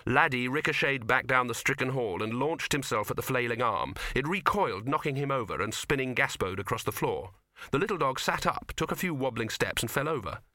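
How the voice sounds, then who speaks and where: A man narrating an audiobook in a steady, measured way. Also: mid-range voice, dry recording. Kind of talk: scripted narration.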